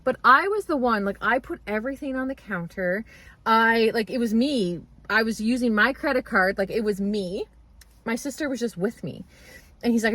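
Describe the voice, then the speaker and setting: A woman in her thirties with a slightly high voice tells a story to her camera in a relaxed, chatty vlog. She talks animatedly and laughs often through her retelling. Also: a little fast. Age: 30s. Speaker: vlogger. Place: at home, moving around a room.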